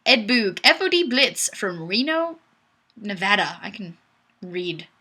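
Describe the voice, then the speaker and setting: A woman's voice: mid-range voice, sing-song, a little slow, bright, forceful tone, breathy edge. A young woman hosting a webcam livestream, giggly and playful as she reads viewer comments aloud in casual chat. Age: young adult. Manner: bubbly, giggly, playfully self-deprecating. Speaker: livestream host. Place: home room on webcam. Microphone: webcam mic.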